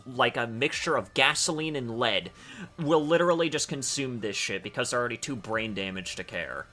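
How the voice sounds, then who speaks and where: A man's voice: medium pitch, sharp tone. A man hosting a casual stream, ranting with lots of swearing. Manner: profane, ranting, laughs hard. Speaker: stream host.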